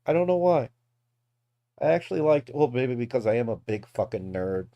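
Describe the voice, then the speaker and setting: A man's voice: mid-range voice, sing-song, moderate pace, lo-fi sound. Rambling Texan man reacting to clips. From Texas. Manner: rambling, laughs often, swears freely. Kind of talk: casual reaction commentary.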